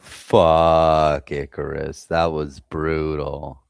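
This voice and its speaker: An American man hosts a live trading stream, reading the chat and chatting loosely with viewers while swearing freely. His voice is a low rumble at a measured pace, captured dry with studio quality.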